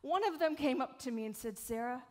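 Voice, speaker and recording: This keynote speaker and live speed painter, a South Carolina woman in her forties, talks quickly in a somewhat high voice. On an event stage before an audience, she keeps things lively, frank and full of jokes, with casual swearing.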